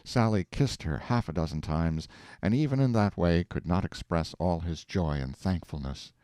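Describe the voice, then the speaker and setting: A man reading a classic story aloud in a measured, expressive way. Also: sits low, no room sound, clean studio sound. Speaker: audiobook reader. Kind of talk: scripted narration of a classic story.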